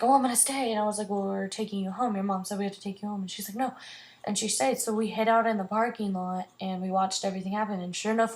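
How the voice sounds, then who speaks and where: A teenage girl vlogging, telling a long personal story in a rambling way, full of "like" and "um". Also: mid-range voice. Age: teens. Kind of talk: casual storytelling to camera.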